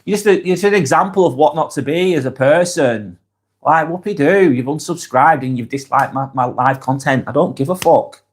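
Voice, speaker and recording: A man hosting a live vlog, reading comments aloud and answering them bluntly, often swearing, then softening to reassure. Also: fairly high pitch, normal speed. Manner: blunt, sweary, swings between brusque and reassuring. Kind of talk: casual live vlog chat.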